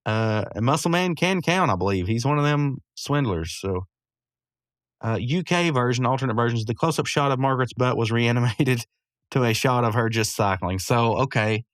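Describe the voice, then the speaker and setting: A man's voice: mid-range voice, expressive, normal speed, dry recording, studio quality. A man recapping a cartoon episode in a rambling, casual way, chuckling often and full of fillers. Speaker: podcast host.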